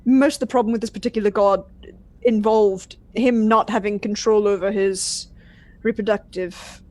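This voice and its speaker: A woman's voice: mid-range voice, steady tone, normal speed, a little mellow. A woman player in a tabletop game, chattily describing what her character does.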